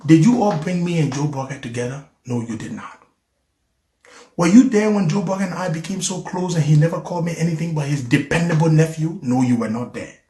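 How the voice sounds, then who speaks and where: A man pours out an emotional, repetitive plea straight to his followers. His voice sits high, and every word rings in a roomy, echoing space. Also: brisk, dark tone. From Liberia. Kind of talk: impassioned monologue to followers.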